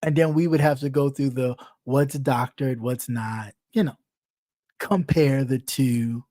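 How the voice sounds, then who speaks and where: This is a casual gossip commentator talking straight into a close microphone. The delivery is blunt, teasing and full of profanity, with laughter breaking in often. The room sound is dry and the pitch sits in the middle. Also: measured pace, warm tone, dry recording. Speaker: online commentator.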